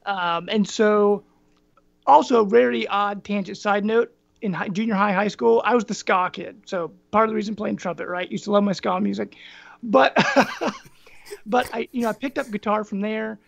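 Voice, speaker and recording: A man with a gruff, raspy voice, a podcast guest chatting casually and wandering into tangents. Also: high-pitched, moderate pace, no room sound. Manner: rambling, tangents with many ums. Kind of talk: casual chat.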